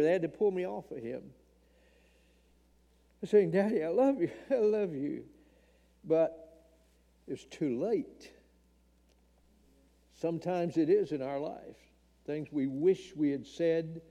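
A man's voice: a little high, dark tone. An older man from Tennessee, earnestly and emotionally telling a personal testimony in a church talk. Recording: long hall reverb.

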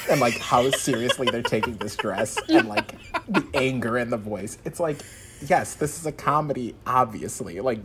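A man hosting a casual film chat, animated, laughing often and acting out quotes. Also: medium pitch, measured pace, background noise.

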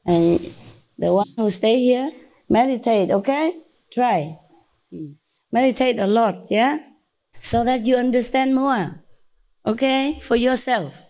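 A woman's voice: on the high side, slow, long pauses, dark tone. A woman from Vietnam with a Vietnamese accent, a spiritual teacher giving an informal talk to her disciples in a chatty, teasing way, with many tag questions.

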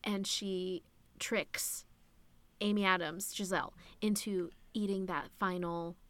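A woman's voice: medium pitch, steady tone, slow, a bit bright, no echo. A woman co-hosting a podcast, chatting casually through a movie recap, laughing easily and swearing now and then. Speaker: podcast co-host.

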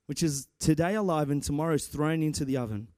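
A young man preaching a sermon in an animated, excitable way, with many restarts and sudden shouts. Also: a little high, fast talker, dry recording, clean studio sound. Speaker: preacher and church guitarist. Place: church.

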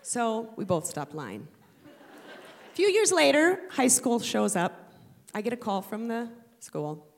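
A woman's voice: fairly high pitch, sing-song, unhurried, gravelly. A middle-aged woman and mother telling a humorous personal story to an audience, with a playful, punchy delivery.

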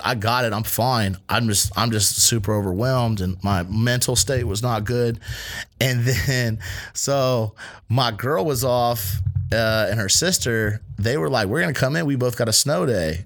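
A man co-hosting a podcast, telling a work story in casual, profane chat and acting out the people in it. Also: fairly low pitch. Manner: animated, profane, acts out quoted voices. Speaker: podcast co-host; restaurant line cook.

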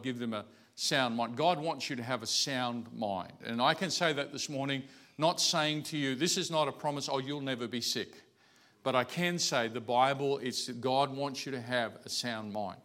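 A man preaching a morning sermon in a conversational way, often restarting his sentences. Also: mid-range voice. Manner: conversational preaching with many restarts, softening to a quiet storytelling voice. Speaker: pastor.

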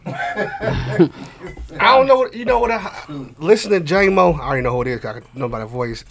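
A young man co-hosting a casual podcast, lively and joking in slang. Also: high-pitched, moderate pace, gravelly, crowd noise. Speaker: podcast co-host. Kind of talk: casual group chat.

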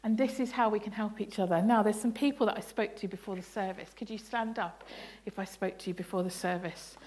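A woman's voice: mid-range voice, steady tone, a little fast, darkish tone, a little hiss or hum. A woman leading an interactive family sermon in church, playful and laughing as she asks the congregation questions. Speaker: bible study leader. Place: church service.

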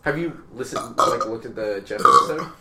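A man's voice: mid-range voice, moderate pace, roomy sound. A man from Canada co-hosting a podcast, teasing his friends in casual chat. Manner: animated, teasing. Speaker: podcast co-host.

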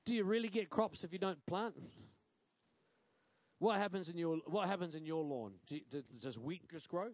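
A male pastor with a New Zealand accent preaching a sermon, punchy and quick to quiz the congregation with "right?". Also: high voice, dry recording. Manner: punchy, asks the crowd "right?" often.

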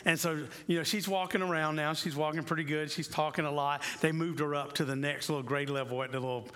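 A man preaching a conversational sermon who tells stories and sometimes drops to a hushed voice for emphasis. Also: fairly high pitch, fairly even intonation. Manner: slows down on key phrases. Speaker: pastor.

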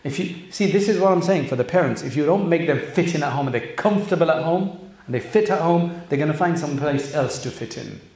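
A man's voice: on the high side, expressive, brisk, few pauses, darkish tone. A man giving an earnest religious talk to young people, direct and full of rhetorical questions. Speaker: Islamic speaker addressing youth and parents. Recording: echoey room.

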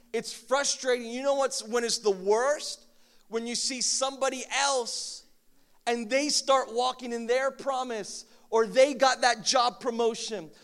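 Guy preaching, really high voice, goes from quiet to shouting, cracks jokes. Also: clear, resonant tone. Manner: dramatic, swings from quiet asides to shouted acted-out prayers; humorous, playful asides. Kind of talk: sermon.

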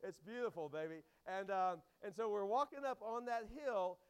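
A middle-aged man preaching to a church congregation in a high, strained voice. He talks loud and energetic, rambling through stories with frequent restarts. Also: moderate pace, smooth. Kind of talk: sermon with storytelling. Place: church hall.

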